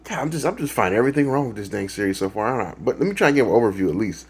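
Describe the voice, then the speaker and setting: Low husky-voiced man rambling casually. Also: expressive, racing. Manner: rambling, full of fillers and restarts; self-deprecating, laughs at his own jokes. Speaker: reaction video host.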